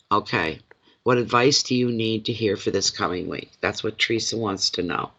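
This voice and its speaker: A man's voice: on the low side, bright, forceful tone, muffled recording. A man giving a live tarot reading, chatty and joking, and poking fun at himself between cards. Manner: chatty, joking and self-deprecating. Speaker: tarot reader. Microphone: phone.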